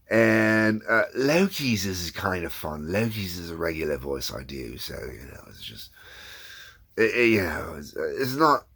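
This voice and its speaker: A man's voice: sits low, sing-song, takes it slowly, vocal fry, fairly bright tone, slightly rough. A man who hosts his own brick-animation series, talking casually and unscripted about making it. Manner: loose, meandering and unscripted. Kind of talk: casual behind-the-scenes chat.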